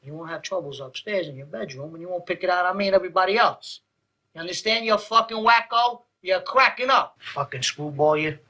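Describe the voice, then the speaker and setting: A hot-tempered younger brother spits out profanity in quick combative bursts. His voice sits high with a sharp, bright, slightly husky edge. Gritty film-scene dialogue. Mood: contemptuous. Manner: profane, rapid-fire, combative ranting. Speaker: film character.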